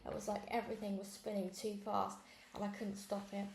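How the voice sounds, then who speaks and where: Woman reader, lively storybook narration, a gravelly texture, roomy echo. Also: medium pitch, brisk, a little hiss or hum. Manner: lively first-person storytelling. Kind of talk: storybook read-along narration.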